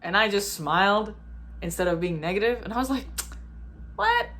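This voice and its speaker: With a medium-pitched voice and a slightly fast pace, a woman vlogger in her 20s gives a casual spiritual monologue straight to camera. She's blunt, emphatic and freely profane, animatedly acting out the people she describes.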